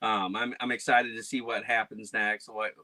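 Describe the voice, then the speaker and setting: A man hosting a casual podcast chat, loud and animated, telling stories with silly voices. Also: lowish voice, moderate pace, no echo. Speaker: podcast host.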